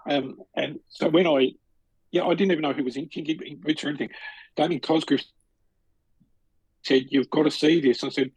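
In a rough recording with no room sound, a middle-aged man co-hosts a podcast, his mid-range voice slightly rough. He chats casually and rambles through his stories, restarting often.

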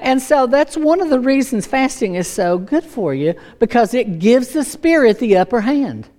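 A middle-aged woman giving a sermon as a personal story, animated and laughing often, acting out voices. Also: on the high side, normal speed. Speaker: preacher.

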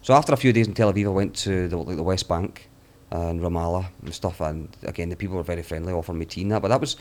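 A man's voice: low voice, fast. A young man on a podcast, telling travel stories and acting out the people he met, swearing freely. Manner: animated storyteller, swears freely, acts out quotes. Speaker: travelling guest. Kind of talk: casual podcast storytelling.

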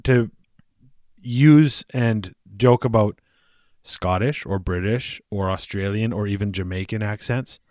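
Low-voiced laid-back podcast guy. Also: no echo, clean studio sound. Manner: relaxed, laughs easily, halting restarts. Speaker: podcast co-host. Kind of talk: casual chat.

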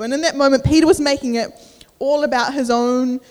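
Young woman, high voice, sermon, casual and emotional delivery, long hall reverb. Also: steady tone, a little fast, a little mellow. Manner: casual, emotional, uses many fillers. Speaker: preacher. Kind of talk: sermon with personal story.

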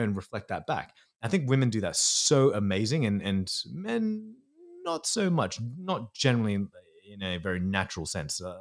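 Earnest man, lowish voice. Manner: earnest, explanatory, slips into acting out inner voices. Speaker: psychologist guest. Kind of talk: podcast interview.

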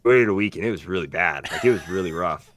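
A man's voice: low-pitched, fast, fairly bright tone, no echo. A man co-hosting a podcast in casual, jokey, self-mocking chat. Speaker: podcast co-host.

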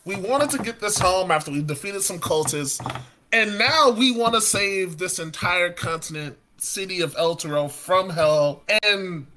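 A man playing a tabletop game, pleading in character in a rambling, animated way with casual swearing. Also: sits high, unhurried, background noise.

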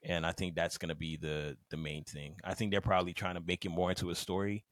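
A man's voice: sits low, level tone, fast, a bit bright, no echo. A man co-hosting a podcast in casual chat, laid-back, acting out quotes in slang. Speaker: podcast co-host.

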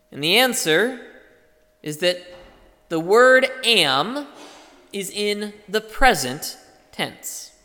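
A man preaches a sermon in a high, bright voice that rises and falls in a lively way. He speaks slowly and deliberately, explaining points carefully. The sound rings with the long reverb of a church hall. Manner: explanatory, deliberate teaching delivery. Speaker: pastor.

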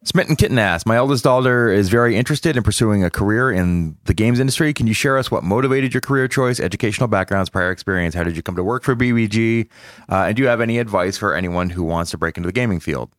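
Deep-voiced laid-back podcast man. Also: fast, no room sound. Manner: laid-back, teasing, dry humor. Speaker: podcast co-host at a game studio. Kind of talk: casual podcast chat.

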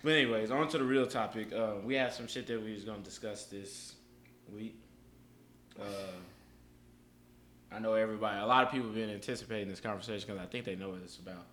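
A man's voice: fairly low pitch, quick pace. A young man hosting a casual podcast, telling stories animatedly and swearing a lot. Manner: animated storytelling, heavy profanity. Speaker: podcast host. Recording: echoey room with faint background noise.

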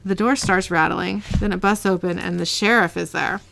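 A woman's voice: on the low side, steady tone, normal speed, gravelly, fairly bright tone, a little hiss or hum. A woman casually retelling a TV episode as a podcast host, reading the dialogue out plainly. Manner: chatty, reads out dialogue plainly.

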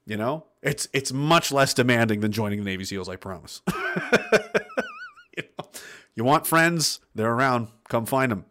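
A man's voice: mid-range voice, lively intonation, moderate pace, fairly bright tone, slight background noise. A man hosting a livestream, reading out chat comments and giving blunt, profane, rambling motivational talk. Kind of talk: casual motivational rant.

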